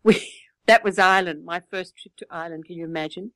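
A woman's voice: fairly low pitch, quick pace, no room sound, rough recording. An older Australian woman chatting casually, telling a long anecdote with frequent laughter. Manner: chatty, laughs often, animated storytelling.

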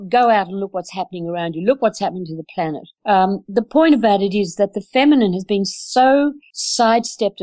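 A woman's voice: medium pitch, dry recording. A woman co-hosting a casual chat over a video call, talking bluntly and with animation. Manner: animated, blunt, swears freely. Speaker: co-host.

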